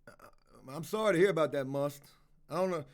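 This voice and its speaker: Hosting a livestream, a man with a slightly high voice talks fast as he spins a meandering tale. He's casual, swears a lot, stays animated, and performs both parts of each conversation.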